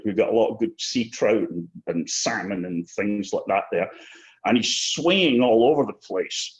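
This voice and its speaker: Man, 60s, mid-pitched, rambling anecdotal guest, muffled lo-fi recording. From Britain. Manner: anecdotal, frequent throat clearing. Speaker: interview guest, former paratrooper. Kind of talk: casual storytelling. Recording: slightly muffled lo-fi audio.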